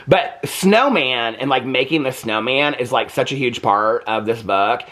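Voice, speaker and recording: Animated, chatty American man. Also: medium pitch, a little slow. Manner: chatty and animated, laughs often. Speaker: book reviewer. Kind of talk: casual chat.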